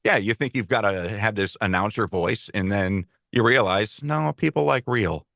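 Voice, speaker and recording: A man's voice: on the low side, creaky, a bit bright, dry recording, studio quality. A middle-aged man, a podcast co-host and former radio host, chatting in an easygoing, reflective way. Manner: easygoing, reflective, lots of quick agreement. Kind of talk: casual chat.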